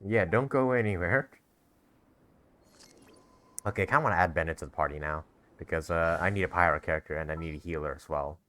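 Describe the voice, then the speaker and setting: A man's voice: low voice, a little fast, long pauses, a bit bright. A man giving casual let's-play commentary, joking, laughing often and swearing. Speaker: gaming streamer.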